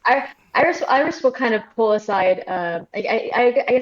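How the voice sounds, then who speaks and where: A woman with a slightly raised voice chats excitably during a tabletop game and laughs easily. Her sound is dull and lo-fi. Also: a little high, normal speed. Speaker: player. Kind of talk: casual chat at a tabletop game.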